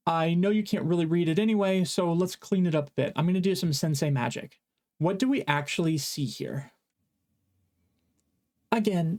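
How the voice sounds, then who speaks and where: A man's voice: a little high, warm tone. Playful man teaching a language lesson. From English-speaking foreigner who lived in Japan. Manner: playful, jokey explaining. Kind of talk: online video lesson.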